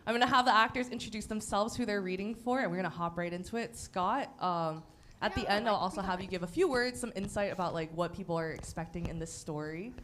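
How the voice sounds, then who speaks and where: A woman's voice: medium pitch, fast, fairly bright tone, slight background noise. A woman hosting a live script reading and announcing the cast in an upbeat way on a handheld microphone. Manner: upbeat, cheering introductions. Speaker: event host. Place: live event venue.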